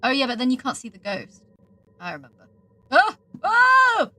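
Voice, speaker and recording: A woman's voice: a little high, very animated, fast, a bit bright. A woman streaming a video game, chatting casually, swearing and laughing at herself. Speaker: VTuber streamer. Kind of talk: casual gameplay commentary. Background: game music.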